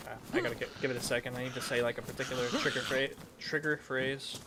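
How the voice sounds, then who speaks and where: A man chats casually while streaming a game, rambling and poking fun at himself. He often drops into mumbled asides in a mid-range voice. Steady background noise sits behind him. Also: medium pitch, quick pace. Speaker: streamer playing a role-play game. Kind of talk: casual gaming chat. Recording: noisy background.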